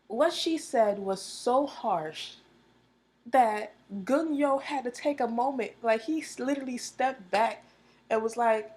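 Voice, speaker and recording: A woman reviewing a television drama in a casual vlog, telling it with animated, slangy storytelling, repeating phrases for emphasis and laughing often. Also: on the high side, unhurried.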